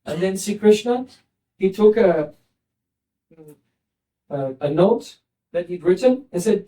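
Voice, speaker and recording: A man teaching as a spiritual teacher, gently retelling and explaining a scripture story. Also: high voice, expressive, a little slow. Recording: voice distant from the mic.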